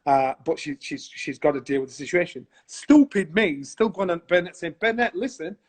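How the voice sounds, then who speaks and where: A man telling a childhood story over a video call, animated and acting out the voices of people in it. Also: on the high side, fairly quick. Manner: animated, acts out voices in his anecdotes. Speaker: guest. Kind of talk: casual storytelling in a conversation.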